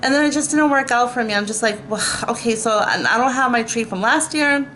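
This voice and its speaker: A woman's voice: a little high, a little fast, fairly bright tone, a little hiss or hum. A woman vlogger ranting to camera, exasperated and swearing, with lots of fillers and bursts of laughter at herself. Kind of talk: casual rant to camera.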